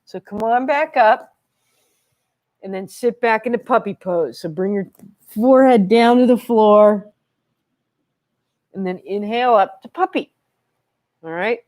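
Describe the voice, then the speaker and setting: At home with her dogs, a woman leads a children's yoga class, recorded on a camera she set up herself. Upbeat and encouraging, she talks young kids through each pose in a darkish, mid-range voice that runs a little slow with frequent pauses.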